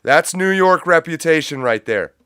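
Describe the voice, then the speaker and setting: A man's voice: on the high side, expressive, normal speed, fairly bright tone, clean tone, no room sound. A man hosting a live stream, giving blunt, profane reaction commentary from a home studio, close on a mic with a pop filter. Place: home studio with a cat nearby.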